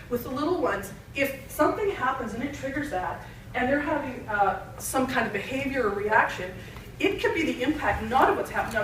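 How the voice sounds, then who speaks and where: A woman's voice: on the high side, slight background noise. A woman speaking to a retreat audience in a conversational, joke-telling way. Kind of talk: talk to an audience. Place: retreat hall. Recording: echoey hall, distant mic.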